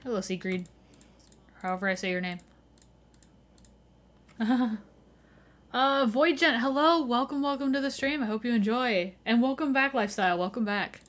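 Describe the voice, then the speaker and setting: A woman's voice: on the high side, normal speed, long pauses, a bit bright. A young adult woman chatting casually with her viewers while live-streaming a game, laughing often as she greets and answers the chat.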